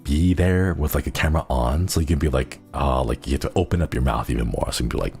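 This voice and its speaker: A young man with an extremely deep, low voice chats loosely with his viewers, wandering off on tangents and stacking up filler words as he goes. Faint music plays under his talk. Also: fast, creaky, a little mellow. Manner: rambling, filler-heavy, giggly asides. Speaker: VTuber streamer. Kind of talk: casual chat.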